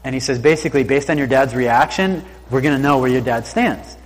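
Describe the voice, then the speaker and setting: A man's voice: mid-range voice, brisk. A man teaching from the Bible who reads each verse aloud and then retells it in loose, slangy everyday talk. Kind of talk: scripture reading with casual retelling. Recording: reverberant hall sound.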